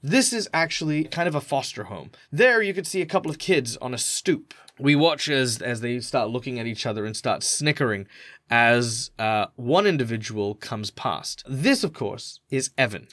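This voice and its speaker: A man's voice: medium pitch, lively intonation, moderate pace, a bit bright, dry recording. An Australian man narrating a tabletop game as game master, casual and rambling. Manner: rambling, informal, hesitant.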